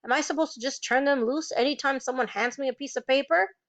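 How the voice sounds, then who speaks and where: A woman's voice: high voice, quick pace. A woman reading a story, voicing a cold, lying female camp warden who answers defensively. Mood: dismissive. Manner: defensive, dismissive.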